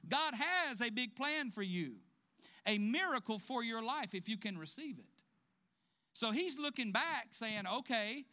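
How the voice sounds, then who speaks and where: Bright, high-voiced preaching man. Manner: preaching directly to the congregation, rising emphasis, asks questions; laughs between points. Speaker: pastor. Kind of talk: sermon.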